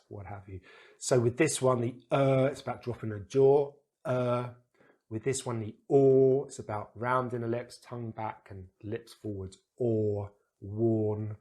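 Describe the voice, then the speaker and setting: A man's voice: mid-range voice, fairly even intonation, normal speed, darkish tone. A man with a British accent teaching pronunciation, patiently sounding out vowels and words one by one. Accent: British English. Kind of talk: explaining pronunciation to camera.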